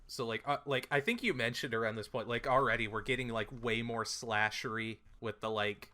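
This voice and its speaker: A man with a bright, forceful voice casually retells a film's plot as a podcast co-host. He rambles through fillers and slips into playful quoted voices as he goes. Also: medium pitch, steady tone, fairly quick. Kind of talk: casual movie recap chat.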